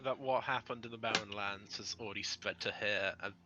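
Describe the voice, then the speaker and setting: A man's voice: on the low side, fairly even intonation, highs cut off. A man playing a tabletop game, joking and teasing in casual banter. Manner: joking, quick to tease. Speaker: player.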